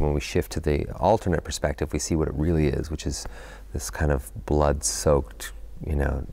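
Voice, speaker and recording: This middle-aged man's voice is very deep, rough, and heavy with fry, though a little mellow. Discussing a film he acted in during a press interview, he searches for the right words aloud, doubling back and plugging pauses with "you know."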